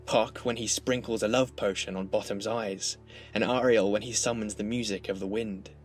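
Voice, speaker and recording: A man narrating a scripted literature lesson in a measured, explanatory way. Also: on the low side, fairly even intonation, faint music behind. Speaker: literature lecturer.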